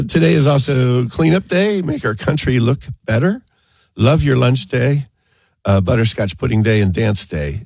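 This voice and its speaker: A man's voice: mid-range voice, vocal fry, darkish tone, dry recording. A man hosting a talk show, chatting casually, rambling and laughing often. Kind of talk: casual on-air chat.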